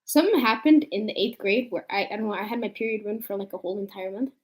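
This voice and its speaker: A woman chatting casually with her sister, telling embarrassing stories in an animated way and acting out the quotes. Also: medium pitch, fast talker. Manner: animated storytelling with acted quotes. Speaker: youtuber. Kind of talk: casual chat.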